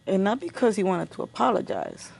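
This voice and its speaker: A middle-aged woman giving a personal account as an interview guest, halting and repeating words as she remembers. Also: mid-range voice, wildly swooping pitch, creaky, a little mellow, slightly rough.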